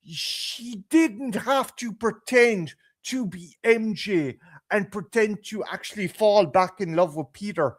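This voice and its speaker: A man with an Irish accent chatting casually as a guest on a live stream, stammering through restarts and breaking into loud, swearing rants. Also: sits high, slow pace. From Ireland. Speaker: guest podcaster. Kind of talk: casual chat. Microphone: video call.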